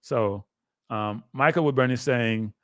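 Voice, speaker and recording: Speaking a little slowly in a medium-pitched voice, an older Jamaican-accented man rambles through a live sports talk stream. He drifts into patois and repeatedly addresses his viewers directly as "people," all on a dry recording.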